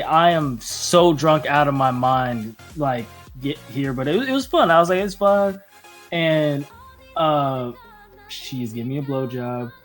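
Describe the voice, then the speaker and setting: A man's voice: mid-range voice, fairly bright tone. A young man telling a rambling story in casual chat, acting out quotes with laughs. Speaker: podcast guest or co-host.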